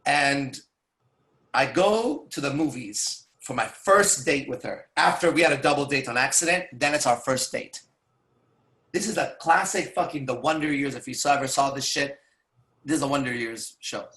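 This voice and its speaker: A man telling profane, animated stories to a small audience as a seminar speaker. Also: medium pitch, moderate pace, reverberant. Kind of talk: storytelling to a live audience.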